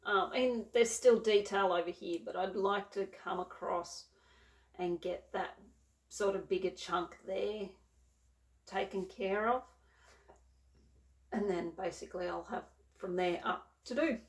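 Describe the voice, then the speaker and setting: A woman's voice: medium pitch, fairly even intonation, unhurried. A woman chatting casually about her cross-stitch projects, rambling and correcting herself as she goes. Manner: rambling, self-correcting, filler-heavy. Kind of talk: casual show-and-tell chat. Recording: roomy, from a distance.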